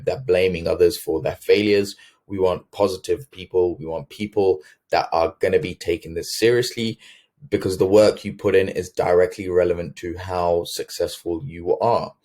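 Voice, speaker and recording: Male host, deep voice, earnest sales pitch, lots of fillers. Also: darkish tone. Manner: earnest, filler-heavy, self-correcting. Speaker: webinar host.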